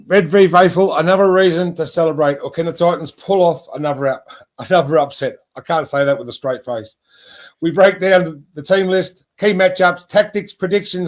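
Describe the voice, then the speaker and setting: A man hosting a casual sports podcast, rambling and joking at his own expense, often stumbling over words. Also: fairly high pitch. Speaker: podcast host.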